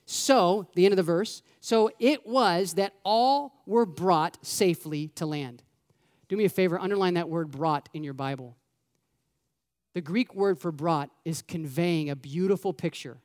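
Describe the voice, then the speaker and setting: A pastor delivers a sermon in a high, light voice, speaking in a lively, conversational manner without hurrying. He repeatedly poses rhetorical questions to his listeners. A long reverb from a large room makes his voice ring out.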